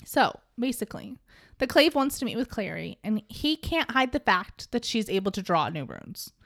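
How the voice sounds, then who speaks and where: A woman casually recapping a book chapter for friends, animated and joking, swearing now and then. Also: medium pitch, moderate pace, vocal fry. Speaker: podcast host recapping a book.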